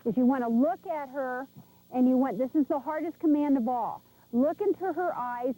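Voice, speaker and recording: Woman trainer, high mellow voice, direct and encouraging, outdoors on a VHS tape. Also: poor audio. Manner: chatty, direct, encouraging instructions. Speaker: animal trainer. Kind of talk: instructional coaching of pet owners.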